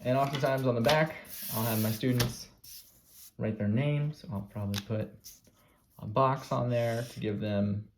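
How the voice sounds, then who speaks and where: A man teacher giving a calm, step-by-step classroom craft demonstration, repeating his cues. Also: medium pitch, normal speed, background noise.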